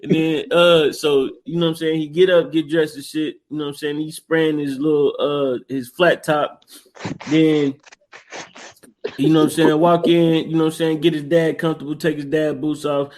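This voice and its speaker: A man's voice: fairly high pitch, little pitch movement, moderate pace, a little mellow. A man co-hosting a casual movie podcast, animatedly retelling scenes with slangy, laughing storytelling. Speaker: podcast co-host. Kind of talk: casual movie recap chat.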